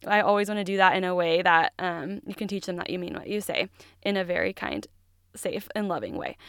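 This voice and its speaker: Gentle woman hosting a parenting podcast. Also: medium pitch, smooth, dry recording, studio quality. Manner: earnest, gentle and reassuring, acts out quick lines to kids. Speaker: podcast host. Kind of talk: solo parenting podcast talk.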